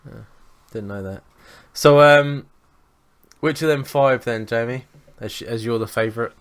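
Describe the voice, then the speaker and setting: A man's voice: medium pitch, smooth. A man from England co-hosting a podcast, chatting casually, swearing freely and laughing through his stories. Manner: sweary, quick to laugh, tells anecdotes. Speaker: podcast co-host. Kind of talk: casual chat.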